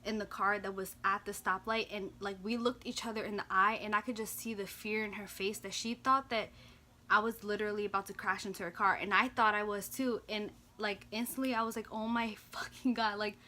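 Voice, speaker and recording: A young woman vlogger casually telling a story, animated and slangy, full of "like" and swearing. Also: mid-range voice, fairly quick.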